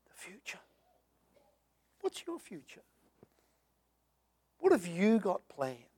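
A man preaching a sermon in a high voice. He moves between booming declarations and hushed, half-sung hymn lines. The sound is close and dry, with no room echo. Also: wildly swooping pitch, slow pace, breathy edge.

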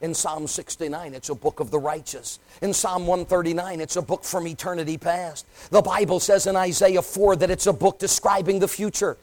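A man preaching a Baptist sermon in a high voice. He swings from ringing, emphatic passages to hushed, near-whispered ones. He recites old-style scripture in a rolling, cadenced preaching rhythm. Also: fairly even intonation, normal speed, hardly any pauses, low-quality recording. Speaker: Baptist pastor.

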